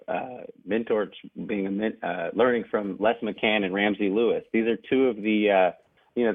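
Young male guest, slightly low voice, eager storyteller, phone-line sound. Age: young adult. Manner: eager, laughs often between anecdotes. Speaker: jazz pianist guest. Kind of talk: storytelling in a radio interview.

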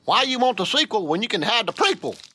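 A man's voice: sits high, sing-song, quick pace, pushed and bright, slightly rough, full character voice. An actor voicing a crude, lecherous redneck squid father in a cartoon, with a leering drawl. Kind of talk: cartoon voice acting.

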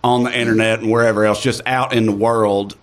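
A comedian from Tennessee with a Southern accent, talking in a loose, rambling way with lots of fillers. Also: male voice, on the low side, level tone, fairly quick. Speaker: comedian guest. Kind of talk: casual chat.

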